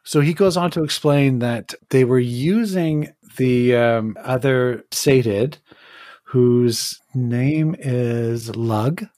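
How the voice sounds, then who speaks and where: A man narrating as game master in a tabletop game, unhurried and hesitant, with many fillers and restarts. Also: medium pitch, mellow, dry recording.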